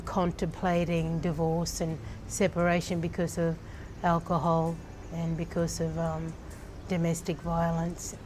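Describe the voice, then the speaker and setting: Speaking with a lowish, darkish voice over slight background noise, this middle-aged Australian woman recounts her faith journey. She's part of a church leadership team and tells the story slowly and earnestly, with pauses and the occasional laugh.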